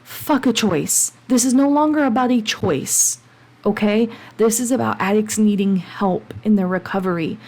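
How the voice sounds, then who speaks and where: A woman hosting her own podcast, talking passionately and emphatically, getting heated and then calming down. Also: medium pitch, moderate pace. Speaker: podcast host. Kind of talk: solo podcast monologue. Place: home, late at night.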